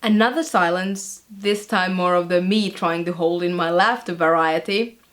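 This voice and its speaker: A woman's voice: on the low side, normal speed, fairly bright tone, lightly acted. A young woman playing a chatty teenage girl tutor who recounts her week with wry amusement, with fillers along the way. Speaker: vlogger. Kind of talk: scripted vlog-style monologue.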